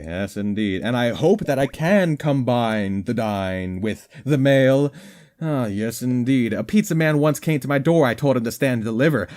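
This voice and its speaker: A man's voice: medium pitch, lively intonation, moderate pace, a little mellow. A man giving goofy, rambling commentary over a game, with a slightly worn voice. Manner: goofy, rambling, jokey asides. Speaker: gaming commentator.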